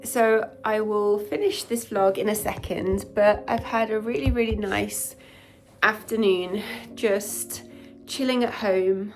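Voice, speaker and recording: A woman, a doctor vlogging in a soft, candid, introspective way. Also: mid-range voice, fairly even intonation, slow pace, soft background music. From United Kingdom. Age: 40s. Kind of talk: reflective vlog talk to camera.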